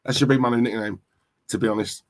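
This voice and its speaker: A man's voice: medium pitch, fairly even intonation, quick pace. Chatty London man streaming. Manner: chatty, shouts out viewers with slang. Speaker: football livestream host. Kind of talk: casual live stream chat.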